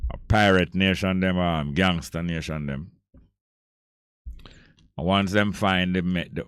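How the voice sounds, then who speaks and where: Jamaican male radio host, forceful repeating monologue, low resonant voice. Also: smooth, no echo, clean studio sound. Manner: emphatic, repeats phrases for force.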